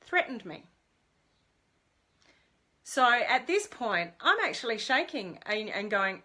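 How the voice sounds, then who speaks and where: A middle-aged woman giving a casual live video talk as a business mentor, telling a story in a chatty, animated way with lots of fillers. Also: a little high, slow, long pauses.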